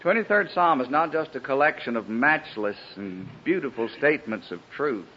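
A man preaching a sermon in an earnest, pleading way, with a husky voice. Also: mid-range voice, animated, normal speed, sharp tone, slight background noise. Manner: earnest, pleading, rising and falling emphasis. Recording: dull lo-fi old sermon recording.

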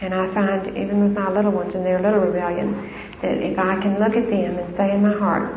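A woman's voice: lowish voice, flat delivery, fairly quick, creaky. A middle-aged woman gives an informal talk on raising children in faith, with frequent fillers and restarts. Her voice carries a long echo through a hall. The old recording sounds dull and lo-fi, with a faint hiss. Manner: conversational, warm-hearted, frequent fillers and restarts. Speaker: speaker on Christian parenting. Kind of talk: informal talk to a live audience.

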